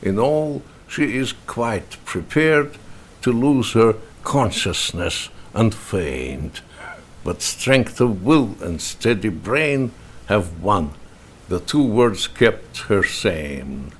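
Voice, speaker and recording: A man whose first language is Russian, reading a novel in verse aloud in a slow, measured way with pauses between phrases. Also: on the low side, lively intonation, breathy edge. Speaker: reader and translator.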